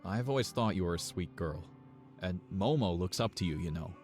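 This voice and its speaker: A man playing a tall, calm security guard with an Australian or New Zealand accent, gently pleading with a young woman. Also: low voice, brisk. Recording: faint music behind.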